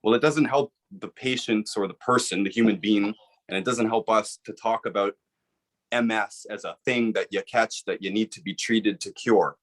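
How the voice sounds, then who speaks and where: A man with a fairly low voice speaks as an interview guest. He explains in an earnest, persuasive way and keeps checking in with the listener. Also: normal speed. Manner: earnest, persuasive, repeats "right?". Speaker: author and guest.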